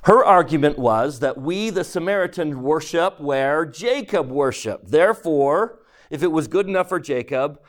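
A man's voice: on the high side, lively intonation, normal speed, few pauses. A man teaching a religion class, lecturing on scripture and posing questions to his listeners as he retells the story.

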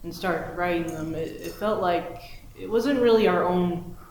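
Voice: medium pitch, a little slow, a little mellow. A student in a class discussion, speaking hesitantly and searching for words. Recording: roomy with faint noise.

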